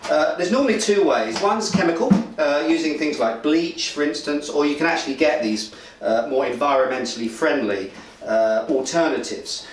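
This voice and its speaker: A man hosting a casual home-brewing video from his kitchen, talking in a rambling, jokey way with a slightly high voice. He sounds a bit distant from the camera mic. The kitchen around him is very echoey, with faint noise in the background. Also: expressive, moderate pace, few pauses. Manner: rambling, jokey, full of restarts. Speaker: beer vlog host. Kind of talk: casual presenting chat.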